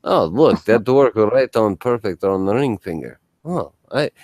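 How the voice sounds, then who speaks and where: A man's voice: fairly low pitch, animated, darkish tone, dry recording, studio quality. A man doing a Russian-accented impression of a smug, commanding older head of state. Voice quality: mock accent, slow possessive drawl.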